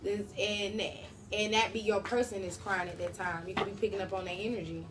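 A woman's voice: mid-range voice, steady tone, fairly quick. Slangy, blunt woman tarot reader. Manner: slangy, profane, talks straight to the viewers. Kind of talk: casual tarot reading to viewers.

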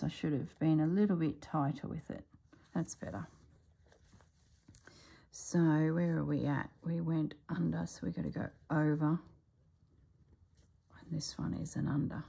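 A woman's voice: low voice, fairly even intonation, a little slow, vocal fry, pauses often, dark tone, breathy edge. A woman vlogger chatting casually as she stitches, rambling and talking herself through each step in a murmur. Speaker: crafting vlogger. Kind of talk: casual chat while stitching.

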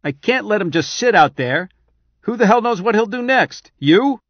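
A man's voice: high-pitched, animated, normal speed, no room sound, muffled recording, voice pushed up. A man reading a novel aloud, voicing a short-tempered army general who barks and demands. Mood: snarling. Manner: barking, demanding. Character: harried snarling male general, short-tempered.

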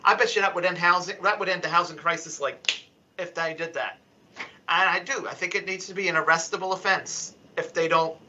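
A man giving emotional, halting testimony at a council hearing, stumbling and restarting as he pleads his case over a remote call. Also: high-pitched, fairly even intonation, sharp tone, highs cut off, a little hiss or hum. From Philadelphia, US. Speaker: public commenter at a council hearing. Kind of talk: impassioned unscripted testimony.

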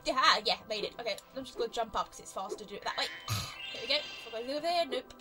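A young woman with an exaggerated British accent giving chatty, excitable gameplay commentary as a let's play host. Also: on the high side, very fast, music in the background.

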